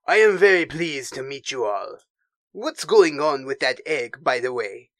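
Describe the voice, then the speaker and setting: A man voicing a suave, flirtatious male space officer with a put-on French accent, drawn out and smooth. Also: medium pitch, expressive, drawn-out words, no echo. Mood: pleased.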